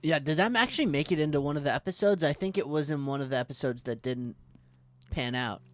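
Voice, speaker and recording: American male podcast co-host, higher voice, rambling think-aloud style, dry sound. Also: fast, no echo. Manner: rambling, thinks aloud with many likes and restarts. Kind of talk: casual podcast chat.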